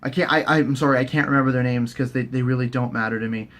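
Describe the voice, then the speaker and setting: A man giving a profane, excitable casual recap as a vlogger. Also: mid-range voice, quick pace. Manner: excitable, sweary, animated.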